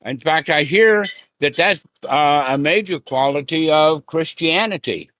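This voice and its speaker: Teacher, male, unhurried delivery with a slightly raised pitch; folksy, plain-spoken dharma talk on a call, dry sound. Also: fairly bright tone, no echo. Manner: plain-spoken, folksy, acts out quoted lines. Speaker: Buddhist teacher. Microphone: online call.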